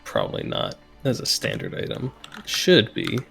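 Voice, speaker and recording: A man's voice: very deep voice, huge pitch swings, gravelly, a bit bright, husky, faint music behind. A man narrating a tabletop game as game master, hesitant and full of fillers. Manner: slow, hesitant, lots of fillers.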